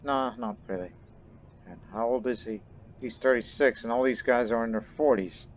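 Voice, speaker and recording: A man's voice: medium pitch, moderate pace, vocal fry, dull audio, slight background noise. Guy narrating his strategy game, casual, talking to himself, mid voice. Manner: chatty, thinking aloud with asides. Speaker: game streamer. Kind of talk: casual gameplay commentary.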